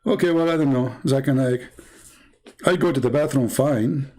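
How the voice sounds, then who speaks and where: A man hosting a comic sketch, asking deadpan questions in a dry, hesitant way. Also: medium pitch, normal speed, poor audio. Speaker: host.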